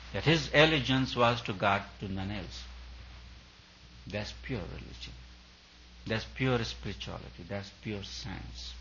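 A man's voice: lowish voice, a bit bright, muffled recording, a little hiss or hum. A man, a spiritual teacher, giving an earnest discourse at a retreat, building his points through repeated emphatic phrases.

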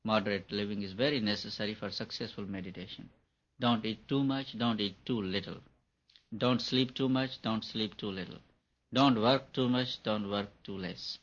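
Male spiritual teacher, husky voice, emphatic and repetitive, dull lo-fi recording. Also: on the low side, normal speed. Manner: earnest, repetitive and emphatic, laughs at his own points. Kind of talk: meditation lecture to an audience.

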